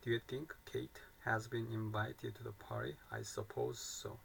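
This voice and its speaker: A man reading grammar examples aloud in a halting way, often repeating and correcting himself. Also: medium pitch, flat delivery, vocal fry, slight background noise, low-quality recording.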